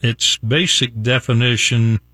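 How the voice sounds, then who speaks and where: A man's voice: medium pitch, fairly even intonation, unhurried, sharp tone, no echo. An older man from West Virginia hosting a casual morning radio show, folksy and chuckling as he reads out examples. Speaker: radio host. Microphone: studio microphone.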